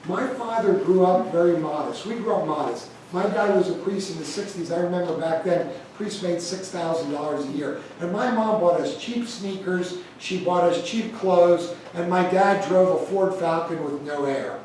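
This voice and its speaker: A middle-aged American man with a high-pitched voice gives a conversational talk on stewardship in a large church hall, speaking at a moderate pace with few pauses. He tells personal stories, growing more animated with each anecdote. The recording is echoey and distant, with slight background noise.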